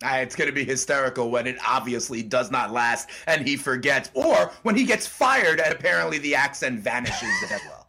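A man co-hosting a college football talk show, giving wry, measured analysis. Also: medium pitch, animated, creaky, pushed and bright. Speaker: sports show co-host. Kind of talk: sports talk commentary.

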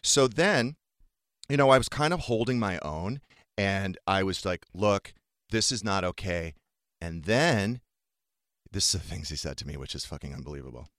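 A middle-aged man with a very low voice tells a personal story in casual conversation. He talks with emotion and acts out each person's lines in turn. The sound is dry and close. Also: animated, normal speed, a bit bright, no room sound. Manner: emotional, acts out quoted dialogue.

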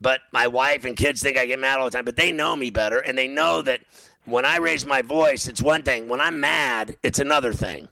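A male radio host tells a story in a loose, rambling way, tripping over his words and restarting. His voice is gravelly with a sharp, bright edge. The sound is dry and close to the mic. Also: mid-range voice, normal speed, no echo, rough recording. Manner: rambling, stammering restarts, loud when acting out his own yelling. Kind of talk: casual storytelling on sports radio.

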